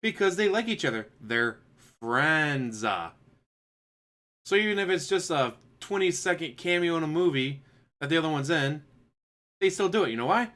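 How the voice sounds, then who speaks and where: A man's voice: a little high, animated, moderate pace, a bit bright. A man streaming commentary, answering a clip with sarcastic, mocking rebuttals. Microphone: desk USB microphone.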